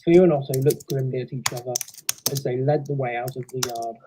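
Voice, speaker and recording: A woman reading a fan story aloud in a slow, lowered narrating voice. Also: steady tone, background noise.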